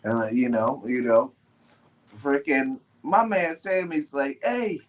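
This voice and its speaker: A man, a guest, telling stories in an animated, slangy way with frequent swearing. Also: mid-range voice, takes it slowly, slight background noise. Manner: animated, slangy storyteller who swears often. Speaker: guest, professional wrestler. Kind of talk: casual storytelling.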